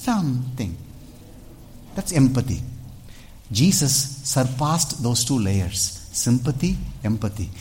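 Animated pastor preaching. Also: male voice, medium pitch, measured pace, long pauses, a little hiss or hum. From India. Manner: animated, calls out "Hello?" to the congregation, dramatic shifts in loudness. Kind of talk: sermon. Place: church.

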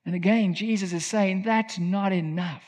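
A man's voice: high-pitched, fairly even intonation, moderate pace, darkish tone. A man preaching a sermon in an earnest, emphatic teaching tone. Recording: long reverb of a large hall.

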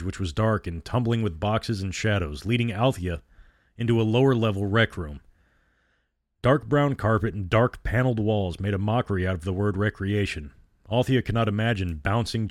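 Low-voiced man narrating a spooky story. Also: no room sound, studio quality. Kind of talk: scripted narration of a horror story.

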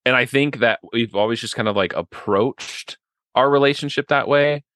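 A man's voice: mid-range voice, normal speed, a bit bright, no room sound. A man in a casual podcast chat, talking earnestly and at length, full of "like" and "right?". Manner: earnest, rambling, many "like" and "right?".

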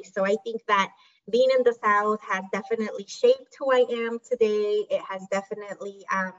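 A woman's voice: mid-range voice, steady tone, moderate pace. A woman from Mexico, a teacher and podcast guest, chatting casually with many filler words. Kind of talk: casual conversational storytelling. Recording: muffled distant remote audio.

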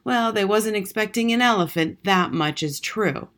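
A woman's voice: mid-range voice, normal speed, fairly bright tone, natural voice. A woman doing a gossipy old-world fishmonger. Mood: gossiping. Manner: folksy, ungrammatical working-class speech. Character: earthy male fishmonger, gossipy storyteller.

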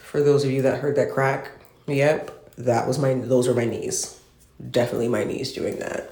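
Alone in a barely furnished apartment he's just moved into, a podcast host delivers an exasperated, profane, rambling rant. His medium-pitched voice has a dark tone, fairly even intonation and a moderate pace, and the bare room echoes.

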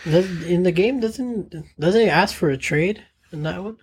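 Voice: mid-range voice, expressive, normal speed, breathy edge. Co-host with a playful folksy drawl. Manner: laughs often, acts out a folksy drawl. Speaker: podcast co-host. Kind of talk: casual chat.

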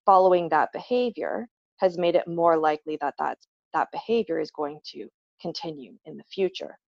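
A woman's voice: fairly low pitch, creaky, dry recording. A woman working as a behavior analyst, explaining patiently with everyday examples in a casual podcast chat. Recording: dull, slightly lo-fi dry recording.

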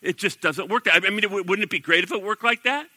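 Bright-voiced, high-pitched male preacher. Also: fast, no echo, rough recording. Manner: animated, acts out quoted voices. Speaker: pastor. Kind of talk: sermon.

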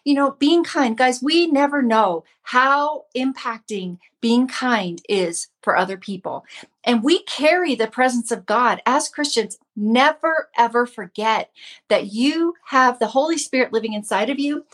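A woman's voice: on the high side, a little slow, a bit bright. A woman in her fifties giving a casual devotional talk to her viewers, earnest and chatty, repeating herself often. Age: 50s. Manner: earnest, chatty, with frequent repetition. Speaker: host of a Christian mom channel.

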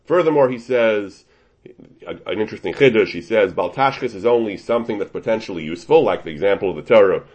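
Husky-voiced man lecturing on a text. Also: on the low side, animated, fast talker, darkish tone. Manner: explains a source step by step with frequent restarts. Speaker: Torah teacher. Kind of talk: Talmudic lecture. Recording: dull lo-fi recording.

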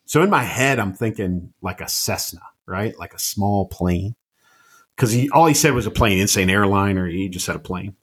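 A man in his fifties with a somewhat low voice speaks as an interview guest. He recounts his past in an unhurried, reflective way and often pauses on an um or uh while he gathers his thoughts. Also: husky. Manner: measured, reflective, frequent ums and uhs. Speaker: podcast guest, retired army officer and author. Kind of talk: conversational storytelling interview.

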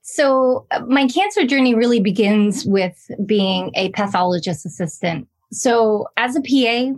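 Chatty woman in her forties, higher voice. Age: 40s. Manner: lively, chatty, acts out quoted dialogue. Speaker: guest, pathologist assistant and wellness coach. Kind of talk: personal storytelling in an interview.

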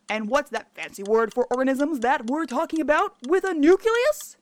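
A woman's voice: high voice, lively intonation, a little fast, hardly any pauses, fairly bright tone, slight background noise. A woman hosting a podcast, narrating scripted animal facts in a playful, jokey, self-deprecating way. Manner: jokey, self-deprecating, quizzes herself in a game-show bit. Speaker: podcast host.

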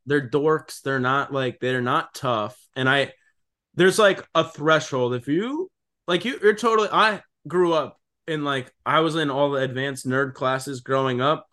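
A man's voice: medium pitch, measured pace, sharp tone. A man in his twenties co-hosting a casual podcast, talking bluntly with lots of "like" and "dude" and free swearing. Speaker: podcast co-host.

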